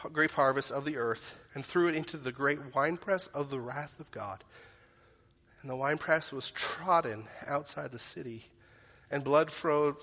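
Male pastor, sermon, earnest, direct, bright voice, fairly high, long echo of a church hall. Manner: earnest, direct questions to the congregation. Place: church sanctuary. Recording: long reverb of a large hall.

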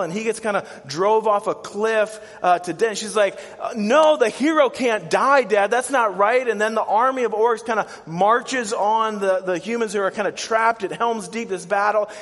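A man in his thirties preaches with lively, theatrical energy, often jumping up into loud, panicky character voices before dropping back down to a soft, close tone. His voice sits a little higher than most men's. The sound rings with the long reverb of a large sanctuary. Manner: animated storytelling, acts out scared voices with big swings in pitch and volume. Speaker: pastor. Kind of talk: sermon.

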